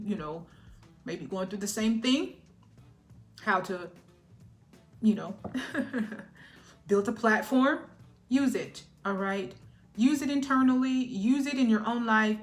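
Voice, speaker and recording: A woman's voice: medium pitch, a bit bright. A woman giving a collective tarot reading in a chatty, emotional way, often laughing and checking in with "all right?". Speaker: tarot reader.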